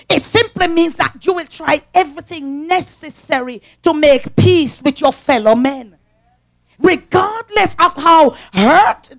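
A woman preacher delivering an emphatic sermon, rising into shouts and calling on the congregation. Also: sits high. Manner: emphatic, call-and-response preaching that rises to shouts.

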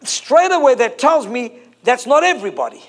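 A man's voice: very high voice, sing-song, normal speed. A man, preaching a sermon to a congregation, emphatic and fond of repeating and stretching key phrases. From South Africa.

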